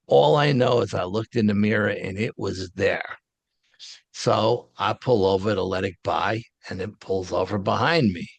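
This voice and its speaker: A low, gravelly man tells his story as an interview guest. His talk is casual, blunt and colloquial. The sound is dry and close. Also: no room sound. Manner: colloquial, blunt, street-wise phrasing. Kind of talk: casual first-person storytelling.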